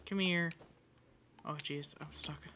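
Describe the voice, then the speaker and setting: Bright-voiced woman streaming a game. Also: low-pitched, takes it slowly, faint music behind. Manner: animated, chatty, reads dialogue aloud, swears. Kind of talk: casual let's-play commentary.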